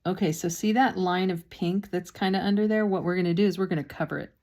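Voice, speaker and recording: A woman's voice: lowish voice, fast talker, a little mellow. A woman painting instructor talks casually through a step-by-step demonstration, with chatty, self-deprecating asides and a slightly sore throat.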